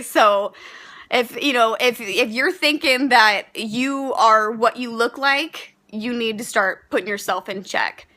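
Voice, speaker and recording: A young woman with a high, bright voice vents to her camera in a casual rant. She is pregnant and talks heatedly and bluntly, swearing freely and tripping over fillers and restarts. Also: takes it slowly. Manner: heated, frank and profane, with many fillers and restarts. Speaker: vlogger.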